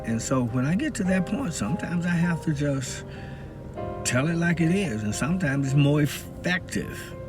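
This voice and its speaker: Man from the Southern US, preachy casual vlog talk, lots of laughing, very animated pitch, music playing behind. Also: normal speed. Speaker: video blogger. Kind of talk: casual spoken monologue.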